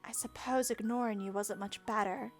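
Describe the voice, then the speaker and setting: A woman voicing a proud but caring young woman in a visual novel, drifting into an upper-class English accent, speaking slowly and tenderly. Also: on the high side, steady tone, soft background music, close to an everyday voice. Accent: attempted upper-class English.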